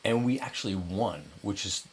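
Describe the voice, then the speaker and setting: A middle-aged man casually telling an anecdote to the camera, animated and jumping into higher voices for quotes. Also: moderate pace, breathy edge. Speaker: storyteller.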